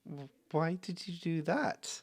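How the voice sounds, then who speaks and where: A man voicing an eager, wide-eyed young boy in a tabletop game, high and timid. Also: slow pace, creaky, exaggerated voice. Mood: startled.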